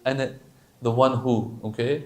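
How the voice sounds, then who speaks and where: A male preacher giving a sermon, switching between quick Arabic recitation and relaxed English explanation. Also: mid-range voice. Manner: chants Arabic lines rapidly then explains in casual English.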